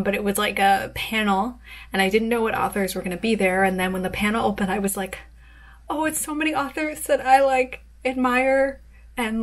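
A woman author chatting casually in a vlog, rambling with lots of fillers and soft laughs. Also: medium pitch. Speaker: author vlogger.

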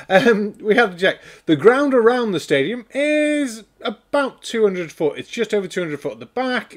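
A man from Wales, hosting a sarcastic, swearing reaction commentary. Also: sits high. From North Wales. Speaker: host.

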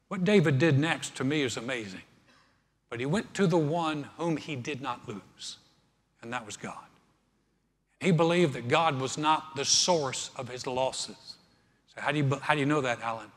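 A man's voice: medium pitch, measured pace. A male pastor preaching a sermon, earnest, building in force as he quotes scripture. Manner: earnest preaching, swelling louder when quoting scripture. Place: church sanctuary. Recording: church hall reverb.

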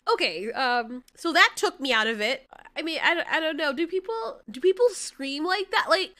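A woman's voice: high-pitched, animated, normal speed, hardly any pauses, bright, forceful tone, a little hiss or hum. A woman giving casual, emotional movie commentary, swearing and exclaiming as she reacts.

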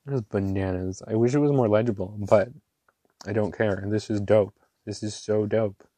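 A man in an excitable, gushing home vlog, talking up close in a dry room. His voice sits fairly low. He bursts into delighted praise often. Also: normal speed, no room sound. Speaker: ink reviewer. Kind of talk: casual show-and-tell vlog.

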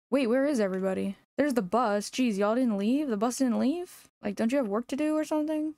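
A woman's voice: on the high side, fairly quick, darkish tone, no echo. A young adult woman giving playful, sassy, joking commentary as she plays a farming game for the first time. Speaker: gaming YouTuber. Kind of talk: casual gameplay commentary.

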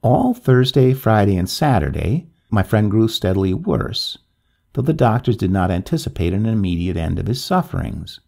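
A man narrating a classic tale in a measured, expressive reading. His low voice swings widely in pitch and carries a gravelly, husky texture. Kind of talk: scripted story narration.

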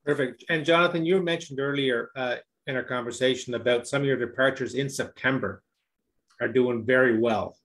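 A man's voice: mid-range voice, normal speed, fairly bright tone, poor audio. A man hosting a live stream, cutting in with brief prompts for his guest. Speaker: host.

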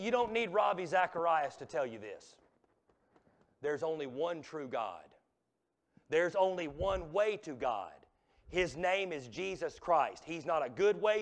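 Male revival preacher, higher-pitched voice, booming one moment and hushed the next, church sanctuary. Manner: swings from loud exhortation to hushed near-whisper. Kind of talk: revival sermon.

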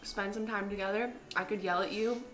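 A woman's voice: mid-range voice, steady tone, brisk. A young woman hosting a casual cooking vlog at home, effusive and swearing freely. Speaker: channel host. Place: home kitchen. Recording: echoey kitchen room.

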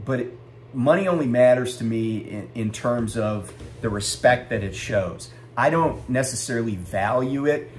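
A man's voice: mid-range voice, a little hiss or hum. A middle-aged man who drives a truck, telling a story in a casual, ranting vlog and swearing freely.

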